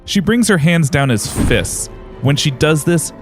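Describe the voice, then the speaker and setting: A man's voice: fairly high pitch, expressive, unhurried, over music. A man narrating a tabletop game as game master, describing the combat in dramatic detail.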